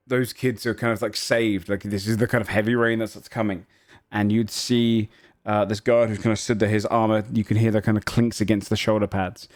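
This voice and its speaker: A man narrating a tabletop game as game master, relaxed and full of "kinda" fillers. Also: fairly low pitch.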